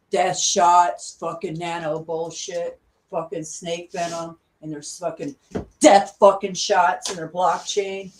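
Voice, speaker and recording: Furious swearing woman vlogger. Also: lowish voice. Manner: furious, swearing constantly, repetitive. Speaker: conspiracy vlogger. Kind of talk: angry profane rant.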